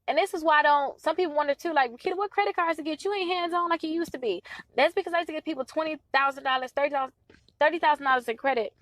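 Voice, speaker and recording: A woman's voice: high voice, a bit bright, no echo. A woman in her thirties coaching on credit repair in a casual, chatty talk to her followers, pleading and emphatic. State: stuffy nose from allergies.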